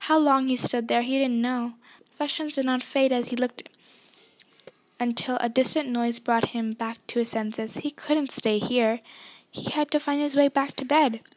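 Woman narrator, high voice, expressive audiobook-style storytelling. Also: moderate pace. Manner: expressive storytelling, voicing dialogue. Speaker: reader. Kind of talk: reading a novel aloud.

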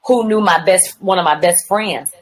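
A woman evangelist, appearing as a podcast guest, vividly tells her personal testimony and acts out what people said to her, calling the host "woman of God." Her voice is lowish, at a normal speed, and the audio quality is poor.

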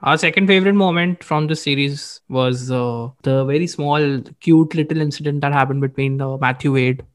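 A man with an Indian English accent talks cricket in a relaxed, chatty way, his voice sitting a little high. He mixes Hindi words into his English as he tells match stories with animation. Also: normal speed. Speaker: podcast co-host. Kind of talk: casual cricket chat.

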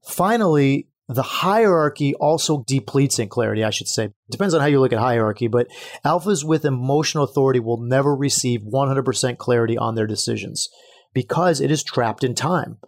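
A man's voice: medium pitch, a little fast. A man hosting a solo podcast, talking earnestly and a bit preachily straight to his listeners. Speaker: podcast host. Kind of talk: solo podcast teaching talk.

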